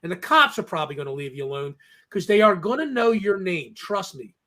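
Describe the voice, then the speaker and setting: Pushed, bright, and very animated, his high-pitched voice moves a little fast. As co-host of a casual talk show, he tells stories with emphasis in a laid-back podcast conversation and keeps adding "okay?" to his points.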